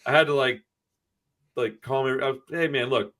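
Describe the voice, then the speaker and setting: A man's voice: medium pitch, normal speed, fairly bright tone. A man in casual podcast chat, rambling and swearing freely as he tells stories. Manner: profane, rambling storyteller.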